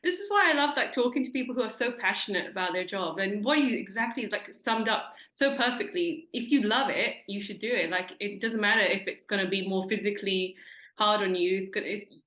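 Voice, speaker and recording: Chatty bright-voiced woman host, echoey room. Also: medium pitch, fairly quick. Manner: chatty, enthusiastic, many fillers and restarts. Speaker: interviewer host. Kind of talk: casual interview.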